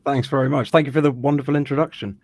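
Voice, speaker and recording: Gravelly British man in his thirties. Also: mid-range voice, steady tone, rapid-fire, a little mellow, no echo. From United Kingdom. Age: 30s. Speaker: guest lightsaber builder. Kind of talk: casual video call interview. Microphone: video call.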